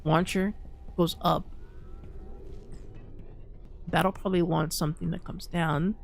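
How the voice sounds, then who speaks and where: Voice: mid-range voice, fairly even intonation, takes it slowly, creaky, soft background music. A game streamer giving casual gameplay commentary, rambling with lots of restarts and repeats and an easy "dude" here and there. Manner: calls people "dude".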